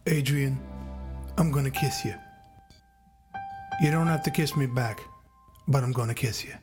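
A man putting on a big, dumb New York boxer with a New York accent, slow and heavy. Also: medium pitch, music in the background, natural voice. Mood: earnest.

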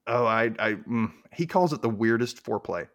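A man's voice: mid-range voice, animated, normal speed, a bit bright. A man co-hosting a podcast, casually recapping a TV episode and acting out the characters' lines in put-on voices. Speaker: podcast co-host.

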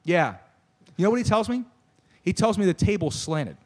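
A man's voice: sits high, very animated, moderate pace. A man hosting a casual talk show, joking, teasing and rambling through loose banter. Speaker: podcast host. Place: live show in front of a small crowd.

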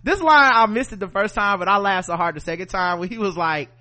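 A man's voice: high voice, fairly quick, pushed and bright. A man co-hosting a podcast, recapping a show animatedly, laughing often and acting out the characters in slang. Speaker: podcast co-host.

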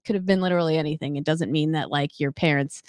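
A woman co-hosting a sports podcast in casual chat, animated and opinionated, often laughing. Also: sits low, fast talker, no room sound, studio quality. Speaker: podcast co-host.

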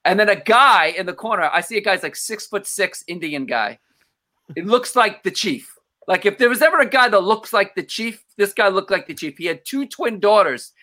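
A man's voice: high-pitched, normal speed. A man, a stand-up comedian, telling a story in casual podcast chat and acting out the voices of the people in it. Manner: animated, acts out quoted voices.

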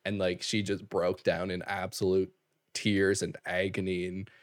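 Lively storytelling young man, dry mic. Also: sits low, dry recording. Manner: animated storyteller, fast filler-heavy talk with laughs. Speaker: podcast co-host. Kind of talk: casual chat.

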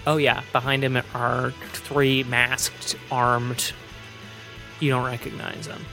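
A woman's voice: very deep voice, little pitch movement, takes it slowly, gravelly, music in the background. A woman narrating as game master of a tabletop game, describing the scene in a playful way.

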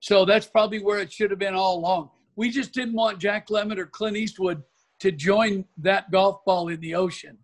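An older man from Oregon, a golf pro guest telling an animated anecdote in an interview. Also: sits high, moderate pace. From Oregon, USA. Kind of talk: storytelling in an interview.

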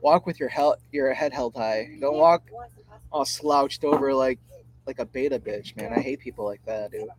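A man's voice: mid-range voice, moderate pace. A man co-hosting a podcast, ranting bluntly and casually with plenty of swearing. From Michigan. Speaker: podcast co-host.

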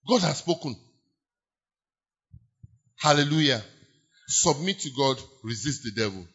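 A man preaches a sermon in a fairly high, sharp and husky voice. He leans hard on key phrases, repeating and stretching them, and leads his listeners in call-and-response declarations. The recording sounds dull and lo-fi. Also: expressive, moderate pace, pauses often. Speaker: pastor.

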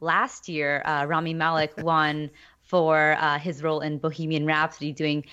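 A woman's voice: deep voice, flat delivery, normal speed, pushed and bright, smooth. A woman on a film podcast panel, opinionated and casual, with frequent fillers and restarts. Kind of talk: casual chat. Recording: dull lo-fi audio.

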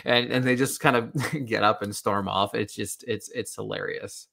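Woman cohost with a super deep voice, easygoing, laughs a lot, just chatting. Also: steady tone, normal speed, creaky, a bit bright. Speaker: podcast co-host. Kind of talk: casual chat recapping a TV episode.

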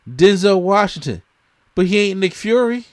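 A man's voice: high-pitched, lively intonation, normal speed. A man hosting a podcast, telling an emphatic, slangy story in casual movie chat and often repeating himself. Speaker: podcast host.

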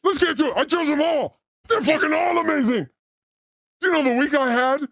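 Guy hosting a show, crude jokey theatrical, high voice, totally dry close mic. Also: brisk, creaky, a bit bright, dry recording, shouting. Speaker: podcast host. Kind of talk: crude casual banter.

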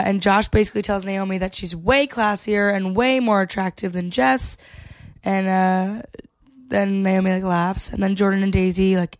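Casting note: woman podcast host, medium pitch, casual sarcastic recap chat with easy swearing, dry close sound. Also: a little mellow, no echo. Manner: chatty and sarcastic, swears freely.

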